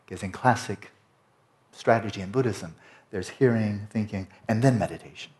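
A man teaching a Buddhist Dharma talk, explaining slowly and lingering over Tibetan and Sanskrit terms. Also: lowish voice, a little mellow. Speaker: meditation teacher.

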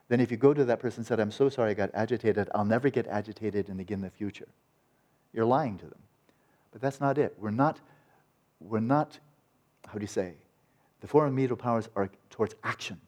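A man's voice: on the low side, darkish tone. A man teaching meditation in a conversational dharma talk, acting out quoted voices and often restarting his sentences.

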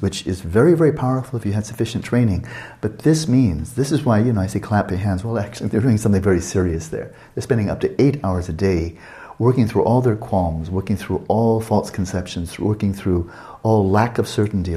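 A man guiding a meditation session as a teacher, unhurried and questioning, often checking in with his listeners. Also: lowish voice, mellow.

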